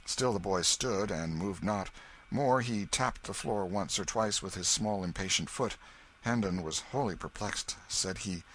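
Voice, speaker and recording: A man narrating a classic novel audiobook in a measured storytelling manner. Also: on the low side, fairly bright tone, rough recording. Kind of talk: scripted narration.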